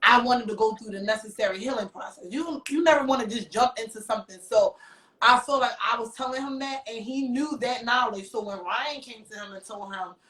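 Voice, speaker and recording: A woman's voice: a little high, fairly quick, recorded from a distance. A woman, a podcast guest, telling a story casually and acting out quoted dialogue. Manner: animated, acts out quoted dialogue. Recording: echoey room, voice from off-mic.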